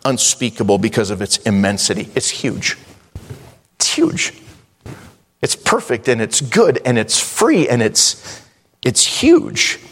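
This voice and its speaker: A man preaching a sermon as pastor, reading scripture in slow King James cadence and breaking into rising emphasis. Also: medium pitch, sing-song. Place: church sanctuary. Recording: long church reverb.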